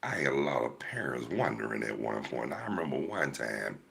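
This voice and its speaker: A man's voice: very deep voice, very animated, moderate pace, vocal fry, a bit bright. An older man, chatting to a live audience in a laid-back, rambling storytelling way. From Georgia, US. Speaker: livestream host. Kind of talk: casual storytelling to live chat.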